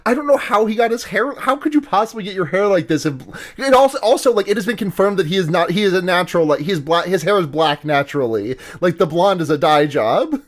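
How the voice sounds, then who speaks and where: A man's voice: sits high, animated, quick pace, few pauses. A man co-hosting a podcast, chatting casually about anime, rambling and laughing often. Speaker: podcast co-host.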